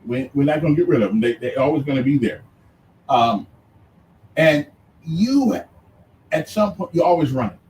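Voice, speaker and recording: A man argues on air with animated, rising and falling pitch, halting and repeating words as he presses his guest. He sits back from the mic in an echoey room. A faint hum of ambience sits underneath. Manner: animated, halting and repetitive, challenging. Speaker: radio host. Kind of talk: radio debate. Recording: roomy distant sound with faint ambience.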